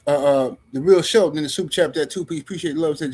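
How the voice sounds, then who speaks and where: A man's voice: fairly high pitch, fast, a little mellow, slightly rough. A man hosting a live stream, ranting about boxing in a heated, slangy way and speaking straight to his viewers.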